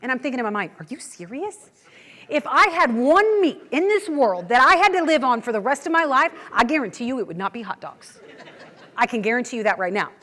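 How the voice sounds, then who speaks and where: A woman's voice: high-pitched, animated, fast talker, bright, forceful tone. An American woman and agriculture news host giving a conference talk, telling stories in a chatty way with frequent restarts. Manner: chatty storytelling with repeated words and restarts. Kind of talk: conference presentation. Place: meeting hall. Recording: long hall reverb.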